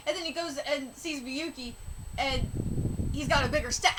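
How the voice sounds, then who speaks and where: A woman doing a live reaction while reading a manga aloud, excitable and swearing freely, breaking into squealing shouts. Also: high-pitched, normal speed, a little hiss or hum, poor audio.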